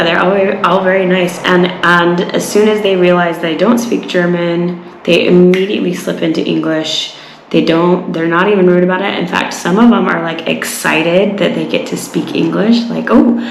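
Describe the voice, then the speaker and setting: Woman from Utah, low gravelly voice, rambling casual talk, roomy echo with faint outdoor ambience. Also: a little hiss or hum. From Utah, USA. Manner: rambling, many fillers and restarts. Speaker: travel vlogger. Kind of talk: casual walking vlog. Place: outdoors on a walk.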